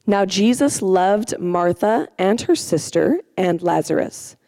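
A woman's voice: mid-range voice, lively intonation, slow, warm tone, no room sound. Woman giving a loose chatty bible talk, lots of ums and restarts, dry close sound. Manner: chatty, self-deprecating, many fillers and restarts. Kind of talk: informal sermon teaching.

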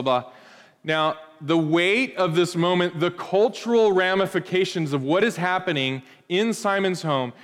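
A man in his thirties, a pastor preaching a sermon, telling stories in an animated, playful way with asides to the congregation. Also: fairly high pitch, long reverb tail.

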